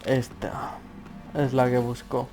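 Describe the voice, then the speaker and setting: Male let's-play commentator, mid-pitched, casual muttering. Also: monotone, a little slow, a little mellow, soft background music. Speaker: gamer.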